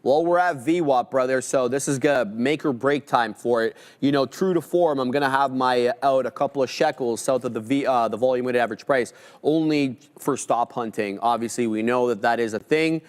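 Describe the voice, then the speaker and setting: A man's voice: mid-range voice, a little fast, few pauses. A man co-hosting a live trading stream who talks slangy and calls people bro. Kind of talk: live market commentary.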